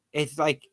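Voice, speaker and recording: A young Irish man vlogging casually in a playful, exasperated way, repeating words as he tries them out. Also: medium pitch. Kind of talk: casual video chat.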